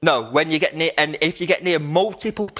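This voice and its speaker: A man's voice: on the high side, a little fast, sharp tone. A man arguing on a voice call, combative and constantly swearing, cutting in and calling people mate. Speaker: accusing viewer on a call. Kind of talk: heated voice-chat argument.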